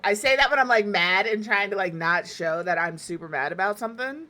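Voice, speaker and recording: Young woman streamer, bright voice, rambling casual chat, self-mocking. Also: mid-range voice, expressive, brisk. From Southern US. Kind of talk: casual chat while gaming.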